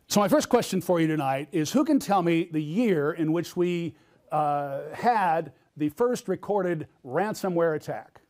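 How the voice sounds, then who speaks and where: A man's voice: fairly high pitch, animated, measured pace, a little mellow. A middle-aged man giving a conference keynote, telling a personal story and quizzing the audience with questions. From United States. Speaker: keynote speaker.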